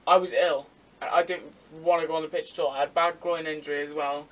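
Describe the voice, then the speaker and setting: Young male co-host, high voice, teasing storyteller, distant mic with light hiss. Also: fairly even intonation, quick pace, a bit bright. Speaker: podcast co-host. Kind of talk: casual chat. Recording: distant mic with faint background noise.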